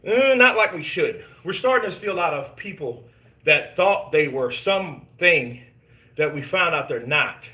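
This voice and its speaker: A man hosting casual boxing commentary, reading viewer comments and telling stories in an animated, emphatic way, swearing freely. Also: on the high side, measured pace. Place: gym. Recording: echoey gym room.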